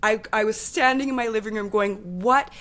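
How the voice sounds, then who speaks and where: A woman's voice: fairly high pitch, fairly even intonation, fast talker, fairly bright tone. A woman co-hosting a podcast in casual chat, talking with heated, impassioned energy and swearing freely. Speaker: podcast co-host.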